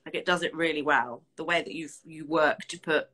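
Bright, deep-voiced woman, praising warmly. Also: fairly quick, slightly rough. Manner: warm, praising, affectionate. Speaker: publisher guest. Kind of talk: casual chat.

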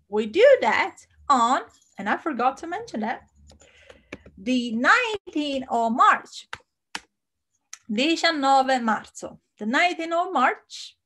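An Italian woman teaching her language on a live stream, animated and chatty, reading out viewer comments. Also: high-pitched, measured pace. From Italy.

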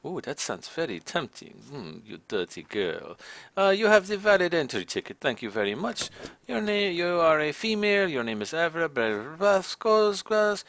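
A man's voice: fairly high pitch, sing-song, moderate pace, fairly bright tone, no room sound. A man streaming a game live, talking to the on-screen travelers in a stiff, formal border-inspector manner. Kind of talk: live gameplay commentary.

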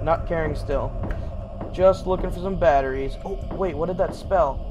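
Jumpy, foul-mouthed high-voiced man. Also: moderate pace, noisy background. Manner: jumpy, swears often, talks to game characters. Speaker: gaming YouTuber. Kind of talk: horror gameplay commentary.

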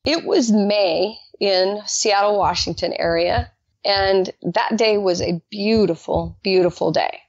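A woman guest telling her personal faith testimony in an animated way, acting out the dialogue she quotes. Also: takes it slowly, no room sound. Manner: animated, acts out quoted dialogue with jumps in pitch. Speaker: podcast guest. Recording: dull lo-fi dry recording.

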